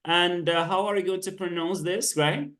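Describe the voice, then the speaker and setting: A man's voice: high-pitched, steady tone, moderate pace, fairly bright tone. A man tutoring English over a video call, praising and correcting pronunciation. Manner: encouraging, corrects pronunciation, mixes in French and Darija. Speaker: English teacher. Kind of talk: online tutoring lesson.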